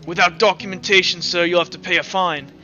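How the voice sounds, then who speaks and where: A man voicing a pushy male dock guard who shakes down travelers, speaking loudly and demanding. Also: sits high, steady tone, a little fast, highs cut off, soft background music. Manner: loud, demanding.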